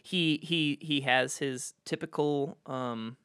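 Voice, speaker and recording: A podcast host in their thirties from Seattle, chatting casually, rambling and giggling, sometimes bursting into loud squeals. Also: medium pitch, takes it slowly, clear, resonant tone, no room sound, studio quality.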